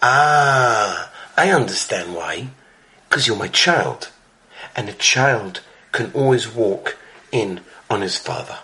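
A man's voice: lowish voice, expressive, takes it slowly, sharp tone, pitched below the performer's own voice, full character voice. Elderly saintly rabbi, fatherly and earnest, as a preacher puts him on. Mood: tender. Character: elderly revered male rabbi, gentle sage.

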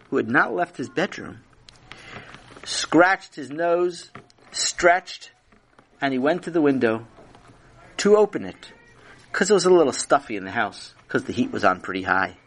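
Animated man telling a children's story. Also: mid-range voice, slightly rough.

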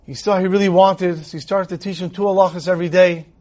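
High-voiced man telling a Torah story. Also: fast talker. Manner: animated storyteller who acts out dialogue. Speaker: rabbi teaching.

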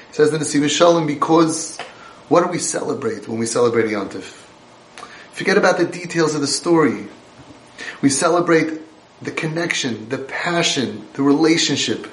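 A man's voice: fairly high pitch, reverberant. A man giving a Torah lecture as a parenting coach, talking emphatically and conversationally and repeating his points.

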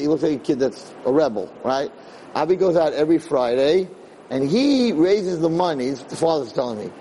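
Animated male storyteller with a slightly high voice. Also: slight background noise, rough recording. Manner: animated, conversational, acts out quotes. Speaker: Torah lecturer. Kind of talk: storytelling lecture.

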